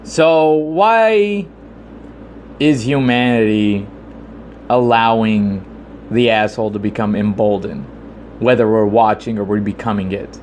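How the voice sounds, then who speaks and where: A man giving a casual commentary monologue, rambling with frequent fillers and restarts, growing animated when he retells a story. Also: fairly low pitch, takes it slowly, pauses often, a little hiss or hum.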